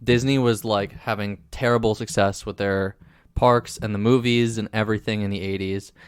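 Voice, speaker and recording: A man's voice: on the low side, fairly even intonation, normal speed, smooth, dry recording, clean studio sound. A man co-hosting a casual movie reaction commentary, rambling and joking through tangents. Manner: rambling, joking, trails into asides.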